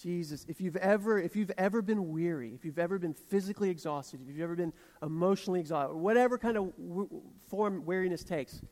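High-voiced Southern preacher in a reverberant hall. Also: male voice, a little fast, few pauses. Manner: animated storytelling with self-deprecating asides. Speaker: pastor. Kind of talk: sermon.

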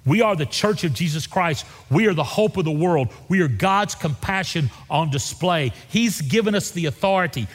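A middle-aged man preaches from the pulpit, telling homespun stories and then pressing hard to rally his congregation. His voice sits a little high for a man. A long reverb from a large church sanctuary trails after his words. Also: husky. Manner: folksy storyteller building to fervent exhortation. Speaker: pastor. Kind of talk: sermon.

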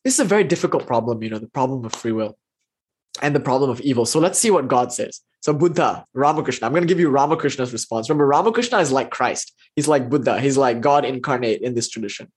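Husky male lecturer, fast and lively, teaching a live online class. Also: mid-range voice. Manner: fast, animated explaining with playful asides. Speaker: philosophy teacher.

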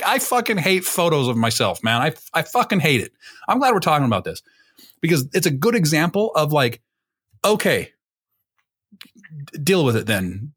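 Man, podcast co-host, casual chat, self-deprecating, husky, higher voice. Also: a bit bright. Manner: rambling, self-mocking, swears a lot.

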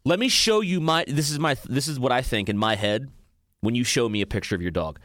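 A man's voice: medium pitch, brisk, fairly bright tone, dry recording, clean studio sound. A young man hosting a podcast, talking casually in a profane, mock-ranting comedic monologue. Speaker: podcast host.

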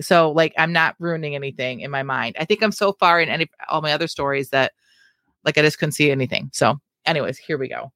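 A woman's voice: low voice, brisk, fairly bright tone, no room sound, clean studio sound. Chatty self-deprecating woman co-host. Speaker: podcast co-host. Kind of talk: casual chat and reading her own fiction aloud.

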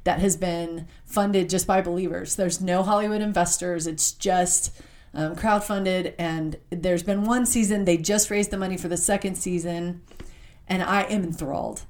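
A woman's voice: fairly low pitch, steady tone, darkish tone. A woman giving a heartfelt devotional talk, reading scripture aloud and speaking with open emotion. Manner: reads scripture aloud slowly.

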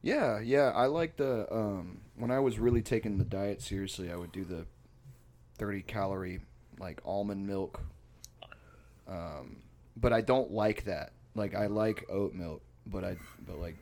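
A man co-hosting a casual podcast, telling a story with lots of swearing and getting loud when he acts out other people. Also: lowish voice, a little slow. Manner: animated storyteller, swears freely, gets loud acting out others. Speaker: podcast co-host. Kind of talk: casual chat.

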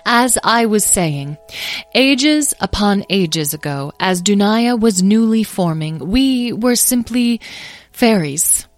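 A woman's voice: medium pitch, animated, takes it slowly, dry recording, soft background music, voice pushed up. A woman voicing a proud, vain and wistful ancient flower fairy in a grand, dramatic manner for a storybook. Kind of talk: storybook character voice.

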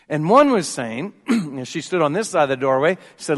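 A man's voice: a little high, sing-song, moderate pace, hardly any pauses. A male pastor, delivering an earnest, reasoning sermon with frequent restarts. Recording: reverberant hall.

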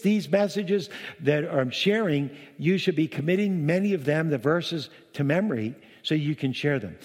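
A man leading a Messianic congregation, giving a sermon in an animated, chatty storytelling manner with frequent restarts. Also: a little high. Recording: long hall reverb.

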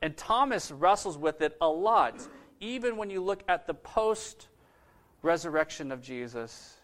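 A man's voice: on the high side, animated, measured pace, a bit bright. A man preaching a sermon in a conversational way, asking his listeners questions. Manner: conversational, asks the audience questions.

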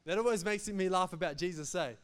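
High voiced guy preaching, punchy and repetitive, smooth clear tone. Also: brisk, fairly bright tone. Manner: emphatic, repetitive, jokes between points. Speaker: pastor. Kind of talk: sermon.

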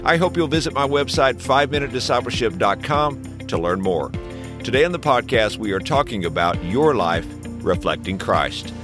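A man's voice: mid-range voice, sing-song, normal speed, over music. A man hosting a short daily devotional podcast, teaching in an earnest way with many rhetorical questions. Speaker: podcast host.

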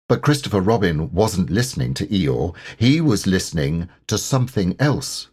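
A man narrating a children's storybook audiobook in a slow, expressive way. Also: husky. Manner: slow, expressive, lively pitch.

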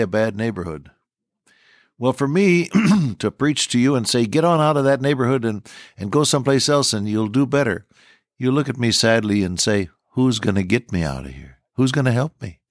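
A man's voice: on the low side, no echo, clean studio sound. An older man teaching the Bible on the radio, folksy and earnest, repeating his key lines. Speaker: radio preacher.

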